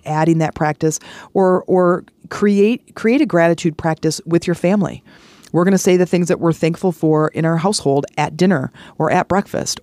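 A woman's voice: sits low, darkish tone, dry recording. A woman podcast host and life coach giving a motivational self-help talk, earnest and encouraging, often repeating words for emphasis.

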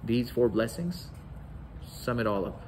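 A man's voice: medium pitch, animated, measured pace, darkish tone, slight background noise, low-quality recording. A man giving a religious lecture, telling stories and acting out the quoted dialogue. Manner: storytelling, acts out quoted dialogue.

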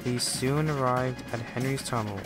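A man giving scripted storybook narration in a slow, measured way. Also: medium pitch, fairly even intonation. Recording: music playing underneath.

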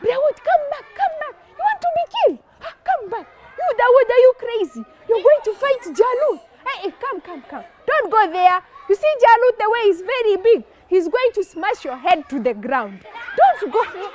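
A woman's voice: extremely high pitch, very animated, normal speed, background noise, voice pushed up. A woman doing panicky frightened soldiers. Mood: alarmed. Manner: panicky, squealing and pleading.

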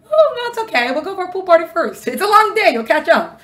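A woman voicing the animal soul as a coaxing, carefree tempter in a high, breezy tone. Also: very animated, fast, a bit bright, full character voice.

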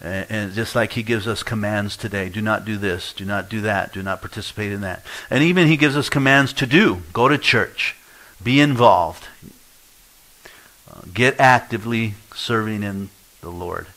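A middle-aged man preaching in a church, sharing his testimony in a storytelling way. His voice sits a little low, and he brings in the people from his story with lively put-on voices. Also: normal speed, low-quality recording. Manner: storytelling, acts out quoted voices with laughs. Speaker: pastor. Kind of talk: sermon with personal testimony.

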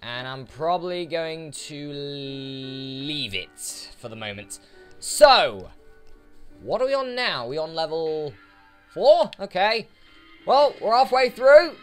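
A gaming YouTuber gives casual let's play commentary in a slightly high, expressive voice with a clean tone, speaking slowly. He chats to the enemies on screen as he plays, and game music runs behind him.

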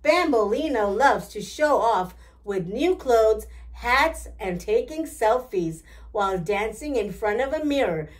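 Woman reading a kids picture book aloud, slow and clear, slightly high voice. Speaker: storytime reader.

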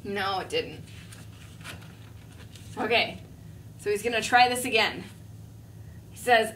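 A woman preschool teacher reading a story and teaching young children, gentle and asking them questions. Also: medium pitch, takes it slowly, long pauses. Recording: distant mic, faint room noise.

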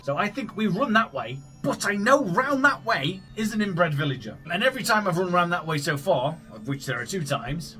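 A man hosting a let's play, giving jokey, excitable commentary full of swearing. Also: high-pitched. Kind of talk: gameplay commentary.

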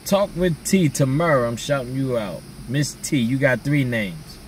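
A man's voice: medium pitch, expressive, unhurried, far from the mic. Laid-back man vlogger, casual slangy chat with viewers, a little off-mic, faint hum behind.

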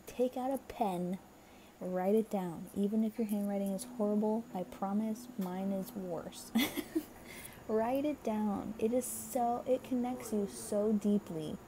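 A woman's voice: mid-range voice, mellow. A young woman giving a casual, encouraging spiritual card reading, chatty and full of fillers, her voice tired and a little crackly. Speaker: tarot card reader.

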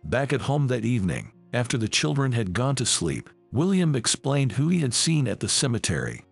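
A man narrating a scripted family story in a measured storytelling manner. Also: medium pitch, sing-song, creaky, breathy edge, faint music behind.

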